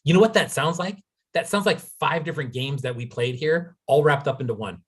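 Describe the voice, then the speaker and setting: Husky middle-aged american dude hosting a podcast, easygoing chat. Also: male voice, a little high, a little fast. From United States. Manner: laid-back, says dude and man a lot. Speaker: podcast host. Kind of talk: casual chat.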